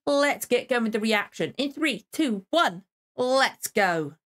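A young woman hosts a casual show reaction in a slightly high voice. She rambles and repeats herself while thinking aloud, then bursts into excited exclamations. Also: takes it slowly. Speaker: YouTube reaction host.

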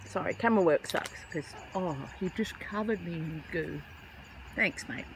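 A woman's voice: on the low side, moderate pace, vocal fry, slight background noise. A young woman outdoors, cooing pet talk at wild birds with muttered asides to a handheld camera. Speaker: vlogger feeding wild kookaburras. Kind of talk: casual outdoor chat to animals and camera. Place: outdoors among trees. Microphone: handheld camera held to the side.

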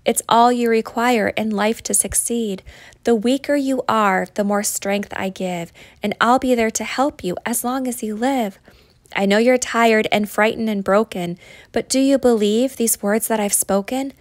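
A kind, bearded healer from a children's storybook, read by a woman, calm and soft-spoken. The voice stays close to her own, gentle and even. The sound is dry and close. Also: on the high side, unhurried, no echo, lightly acted.

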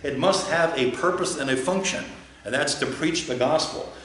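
Man, pastor, conversational sermon, joking and questioning, somewhat high pitch, very reverberant church. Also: moderate pace, fairly bright tone, slight background noise. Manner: chatty and joking, asks the listeners questions. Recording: very echoey church.

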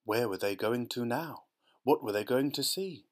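A man's voice: medium pitch, animated, moderate pace. Man reading a children's storybook aloud. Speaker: audiobook narrator. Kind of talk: scripted storybook narration.

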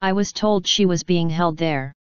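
A woman's voice: lowish voice, moderate pace, clean tone, no room sound, dull audio, close to an everyday voice. A woman voicing a stern female pony who is head of security, speaking firmly and giving orders. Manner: firm, commanding.

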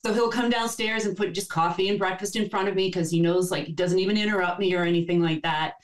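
Lower-voiced woman, an author on a podcast. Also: steady tone, fast. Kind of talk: conversational interview.

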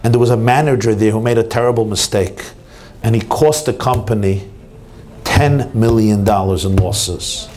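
A man, a rabbi, giving an inspirational talk at an event, telling stories and jokes with lively swings in his voice for emphasis. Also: moderate pace, a little hiss or hum. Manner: animated storyteller, swings pitch for emphasis. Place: hotel event hall.

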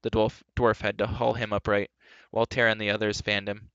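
A man reading a novel aloud in steady narration, with the odd slip, on a dull lo-fi recording. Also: on the low side, brisk, no room sound. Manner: steady narration with brief slips. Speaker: audiobook reader. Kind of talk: live book reading.

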